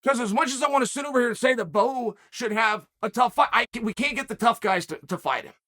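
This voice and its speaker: An extremely high, sharp-toned voice at a quick pace belongs to this commentary host. Alone on his show, he rants emphatically and aims rhetorical challenges at the audience.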